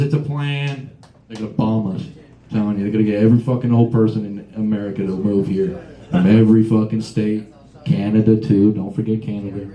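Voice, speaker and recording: A man's voice: fairly low pitch, mellow. Profane young man doing stand-up. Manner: profane, rambling, riffing with the crowd. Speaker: stand-up comedian. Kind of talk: live stand-up comedy set. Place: small bar venue with a live audience. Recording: echoey room with crowd noise.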